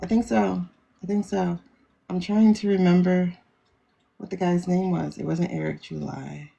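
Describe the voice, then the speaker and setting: A woman's voice: lowish voice, fairly even intonation, measured pace, gravelly, warm tone, highs cut off. A woman hosting a casual livestream, talking in a chatty, rambling way with frequent laughter. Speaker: livestream host.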